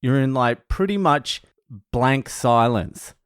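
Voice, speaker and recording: A man's voice: mid-range voice, lively intonation, slow pace, clean tone, no echo, clean studio sound. A man, a stand-up comedian, telling rambling, profane anecdotes in a casual vlog. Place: home in Australia.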